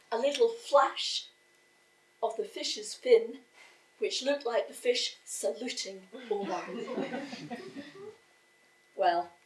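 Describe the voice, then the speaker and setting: A woman telling a folk tale to a live audience, slow and expressive, voicing the characters as she goes. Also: medium pitch. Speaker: storyteller. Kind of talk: live oral storytelling. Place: live storytelling event. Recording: echoey room, voice from far off.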